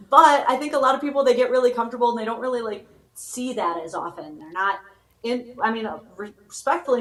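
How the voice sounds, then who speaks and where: Brief: mid-pitched female guest, casual and chatty, roomy echo. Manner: casual, chatty, laughs often. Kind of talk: live chat.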